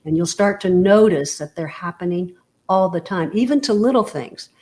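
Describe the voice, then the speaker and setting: Lower-pitched woman explaining with analogies. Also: lively intonation, normal speed, darkish tone. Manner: explanatory, full of analogies and "you know"; checks in with the listener with "right?". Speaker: interview guest, author. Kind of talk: casual motivational conversation.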